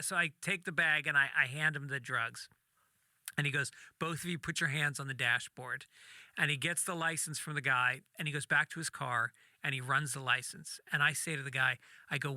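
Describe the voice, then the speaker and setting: A man, a comedian, telling a story in casual talk, animated and acting out the voices of the people in it, with some swearing. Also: a little high, no room sound, studio quality. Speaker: podcast guest, comedian.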